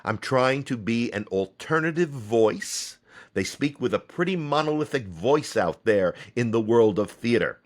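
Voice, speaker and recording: An American man talks alone into the mic as host of his own podcast. He speaks at an ordinary, mid-range pitch. He loses his thread, jokes at his own expense and slips in dry, sarcastic remarks. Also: lively intonation, unhurried. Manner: rambling, self-deprecating with sarcastic asides. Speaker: podcast host and theater company head. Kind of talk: solo podcast monologue.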